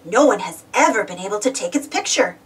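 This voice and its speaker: A woman's voice: mid-range voice, expressive, brisk, breathy edge, distant mic. A woman voicing an earnest young male legend hunter in a storybook read-aloud, set back from the mic. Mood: explaining. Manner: earnest, explaining.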